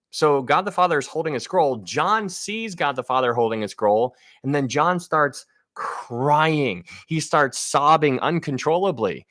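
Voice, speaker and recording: A man's voice: mid-range voice, fairly bright tone, no room sound, studio quality. A man giving a casual Bible teaching on a livestream, speaking to viewers with enthusiasm and frequent restarts.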